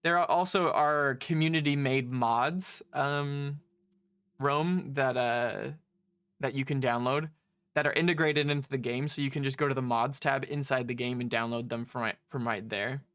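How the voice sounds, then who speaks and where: A man's voice: mid-range voice, fairly even intonation, normal speed, fairly bright tone, clean tone, no echo. A young man from the West Coast of the United States in his twenties, casually chatting on a game livestream, laughing often and reading out chat messages. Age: 20s. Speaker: stream co-host.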